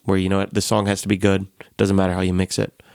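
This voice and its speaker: A man's voice: low-pitched, monotone, fast, darkish tone, clear, resonant tone, no room sound. A man hosting a casual studio chat, talking loosely with many fillers and frequent laughs. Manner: chatty, laughs often, lots of "like" fillers. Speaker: podcast host, musician.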